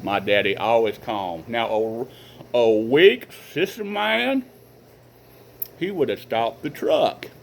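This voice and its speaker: Folksy middle-aged man, rambling family anecdotes, faint noise behind, mid pitch. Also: animated, slow, gravelly, low-quality recording. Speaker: vlogger telling family stories. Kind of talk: casual personal storytelling.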